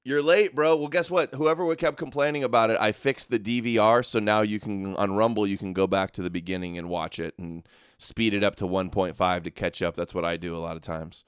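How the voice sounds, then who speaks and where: Man, livestream host, sarcastic, smooth clear voice, dry. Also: lowish voice, fairly even intonation, fairly quick, dry recording. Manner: sarcastic, mocking asides. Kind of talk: livestream commentary.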